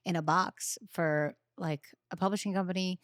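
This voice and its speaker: A woman's voice: lowish voice, moderate pace, no room sound. Bubbly woman host in her thirties, acts out every quote, recorded dry and close. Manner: animated storyteller, acts out quotes loudly. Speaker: podcast host. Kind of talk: casual chat.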